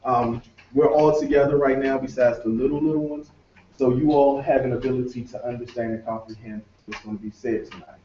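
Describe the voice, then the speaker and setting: Pastor rallying the room from a distance. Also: male voice, mid-range voice, steady tone, fairly quick, dark tone, a little hiss or hum. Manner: rallying, calls out to the crowd. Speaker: pastor and conference host. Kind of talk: leading prayer and introducing a speaker. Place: conference room used as a sanctuary. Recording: echoey, distant, dull room sound.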